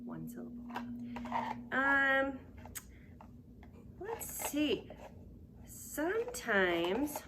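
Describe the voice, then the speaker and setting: Female daycare teacher, unhurried, sing-song and patient with little ones, steady hiss behind. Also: a little high. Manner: patient and sing-song, drops to hushed whispers when giving clues. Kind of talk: remote preschool lesson.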